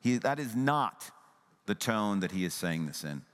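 A man preaching a sermon as a pastor, earnest and conversational, at times dropping to a soft, hushed voice. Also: lowish voice, sing-song, unhurried, in a large hall.

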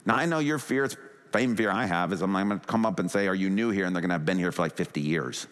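A man's voice: fast, slight background noise. Man preaching in a reverberant church. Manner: animated preaching, acting out quoted inner thoughts in shifting pitch. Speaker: pastor. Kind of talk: sermon. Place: church sanctuary.

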